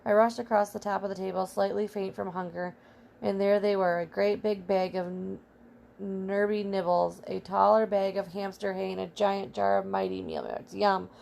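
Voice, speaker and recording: A woman's voice: mid-range voice, normal speed, gravelly, a little hiss or hum. A woman reading as a small brave male pet hamster, telling his adventure in first person. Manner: earnest, excitable first-person storytelling.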